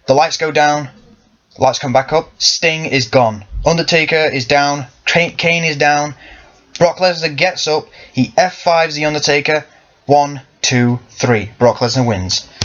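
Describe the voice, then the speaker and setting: Muffled, lo-fi audio carries a young man's slightly high, slightly bright voice as he rambles through wrestling talk. A fan vlogger, he often stops to correct himself.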